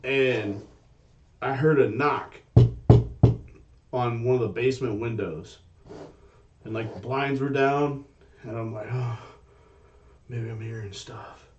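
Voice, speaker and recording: A man co-hosting a casual podcast, telling stories in an animated way and swearing freely. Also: medium pitch, slow, long pauses, far from the mic, highs cut off, a little hiss or hum. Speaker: podcast co-host. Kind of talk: casual chat.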